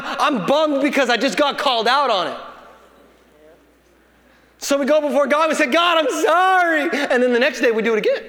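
A man's voice: very high-pitched, fairly bright tone. A pastor in his thirties preaching a sermon, building to emphatic bursts and telling family stories. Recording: long hall reverb.

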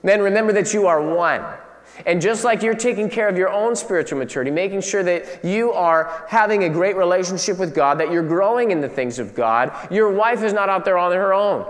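A man preaching a sermon as pastor, animated and conversational with playful asides. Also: sits high, fairly quick, big-room sound.

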